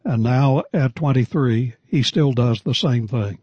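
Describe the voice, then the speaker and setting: Older male radio preacher, husky voice, deliberate sermon delivery, dry and slightly dull recording. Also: mid-range voice, no echo. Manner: measured, deliberate delivery with slowed emphasis.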